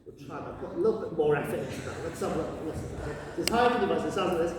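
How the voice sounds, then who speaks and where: High-voiced man teaching a family crowd. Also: very fast, background noise. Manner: animated, exaggerated tones, playful teacherly. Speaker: workshop leader teaching Cantonese greetings. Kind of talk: lively lesson for children and families. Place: large gallery hall with crowd. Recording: echoey hall, recorded from far off. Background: crowd of listeners.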